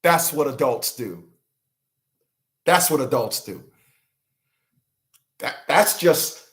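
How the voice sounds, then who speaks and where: A man's voice: on the high side, very animated, slow, long pauses, a bit bright. A man from the New York–New Jersey area, hosting his channel and ranting on a live stream in a profane, repetitive, emphatic way, laughing often. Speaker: channel host. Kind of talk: unscripted live-stream rant.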